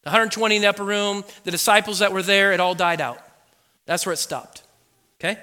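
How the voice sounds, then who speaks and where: A man preaching a personal testimony, telling the story with animated energy and acting out what people said. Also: high voice, fairly quick, big-room sound. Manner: animated storytelling, acts out quotes. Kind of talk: sermon testimony.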